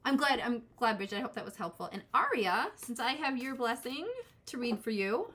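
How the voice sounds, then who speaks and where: A woman's voice: fairly high pitch, lively intonation, brisk, fairly bright tone, a little hiss or hum. A woman in her forties giving a casual live-stream tarot reading, rambling and cutting herself off as she talks to her chat viewers. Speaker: tarot reader.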